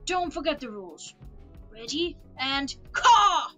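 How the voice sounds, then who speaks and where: Picture a woman doing a male storybook dragon announcing the start of a race, brisk and commanding. His voice is raised and bright, pitched well above an ordinary speaking voice. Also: animated, faint music behind.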